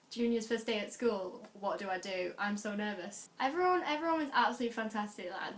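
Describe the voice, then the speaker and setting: A young woman from the North West of England with a Lancashire accent, talking to camera in an animated, chatty way, full of quick asides and restarts. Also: mid-range voice, roomy sound. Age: young adult. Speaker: vlogger. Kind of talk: casual chat.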